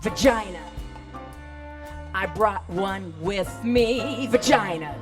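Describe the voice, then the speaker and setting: A woman performing a rhythmic spoken-word chant with call-and-response, swinging between sung high lines and murmured low ones. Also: slow pace. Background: music.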